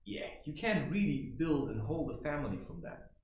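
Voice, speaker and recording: A man's voice: on the high side, very animated, moderate pace, a little mellow, a little hiss or hum. A man playing a blunt, boastful macho barbarian in a rambling comic monologue, keeps tossing in "right?", recorded in a room. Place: room indoors. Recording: echoey room.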